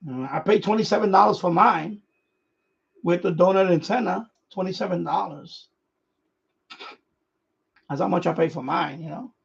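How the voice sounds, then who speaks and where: A man's voice: high-pitched, moderate pace, creaky, pauses often, husky, muffled recording. A man hosting a radio hobby live stream, chatting casually in a rambling way, repeating himself and chuckling often.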